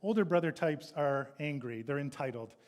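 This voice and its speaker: Male pastor, sermon, higher-pitched voice, retells scripture with acted-out complaints. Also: expressive, normal speed, darkish tone. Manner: reads scripture then retells it, acting out the sons' complaints in a raised voice.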